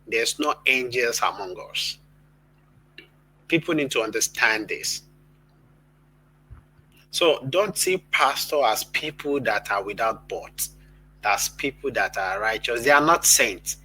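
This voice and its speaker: Slow, husky male host. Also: medium pitch, expressive, bright, forceful tone, rough recording. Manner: measured, explaining, pauses with fillers. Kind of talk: casual commentary.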